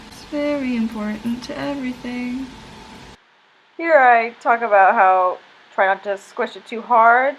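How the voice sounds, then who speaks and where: A woman's voice: fairly high pitch, a little hiss or hum, poor audio. Chatty young woman cooking over sizzle. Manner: chatty and self-mocking, laughs often. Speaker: home cooking vlogger. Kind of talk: casual cooking vlog chat. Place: home kitchen with frying pan. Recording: home kitchen with clear cooking sizzle. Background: sizzling and stirring from the pan.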